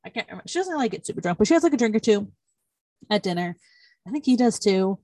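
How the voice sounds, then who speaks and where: A woman's voice: mid-range voice, big pitch swings, fast, mellow, no echo. Young woman, casual plot recap, rambly and filler-heavy, dry close sound. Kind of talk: casual chat.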